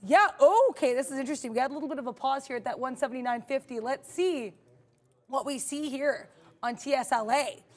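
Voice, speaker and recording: Fast, chatty woman trading live. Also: sits high. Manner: upbeat, chatty, laughs often. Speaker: day trader co-host.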